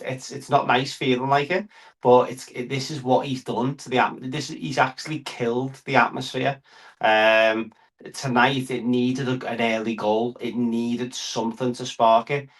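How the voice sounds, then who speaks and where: A man joining a football podcast over a call, talking in a rambling, halting way with frequent restarts. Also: mid-range voice, rough recording. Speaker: podcast guest. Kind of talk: live football reaction chat. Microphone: remote call.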